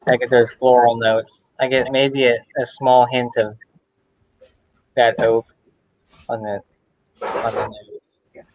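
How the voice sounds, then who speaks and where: A man's voice: medium pitch, level tone, slow, long pauses, darkish tone, no echo, highs cut off. A man tasting beer and describing it in a rambling, casual way as a guest on a video call.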